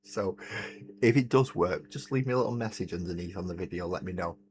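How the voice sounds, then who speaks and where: Brisk and low-pitched, this man speaks over a noisy background. As a casual livestream host he paints miniatures in front of a desk mic moved close to his face, staying chatty, laughing a lot and reading chat messages aloud.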